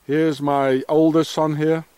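In another snowy clip, the father with the South African accent rants angrily to camera, accusing those he blames and repeating his insults. His voice sits on the high side with little pitch movement, slow and warm, the sound clean and echo-free.

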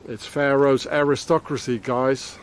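A man's voice: mid-range voice, little pitch movement, measured pace, a little hiss or hum. A man rambling on a walk-and-talk travel vlog outdoors in a town, with many fillers and restarts. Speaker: travel vlogger.

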